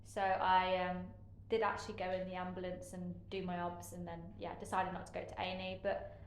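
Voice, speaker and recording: A woman recounts her experiences candidly, pausing and hedging with fillers as she goes. A sarcastic edge creeps into her frankness. Her voice carries an echoey room sound with faint background noise. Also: fairly low pitch, completely flat delivery. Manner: frank, halting, with many fillers. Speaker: interviewee sharing care experiences. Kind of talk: candid personal account.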